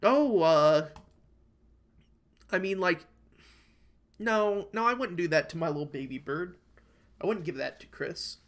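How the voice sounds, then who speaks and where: Profane rambling American man, slightly high. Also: lively intonation, unhurried, long pauses, a bit bright. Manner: rambling, profane, worked-up storytelling. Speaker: podcast co-host. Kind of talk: casual chat. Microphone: online call microphone.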